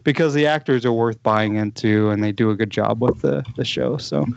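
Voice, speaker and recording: A man's voice: medium pitch, brisk, vocal fry, dull audio. Rambling man retelling a sitcom plot. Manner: rambling, retells plots with many fillers and restarts. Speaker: podcast co-host. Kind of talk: casual movie podcast chat.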